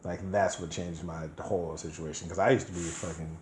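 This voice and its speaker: A man's voice: sits low, a little fast. A man co-hosting a casual podcast, telling stories with lots of profanity, acting out quotes and laughing often. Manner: animated storytelling, acts out quotes, laughs often. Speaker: podcast co-host. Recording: echoey room, faint noise.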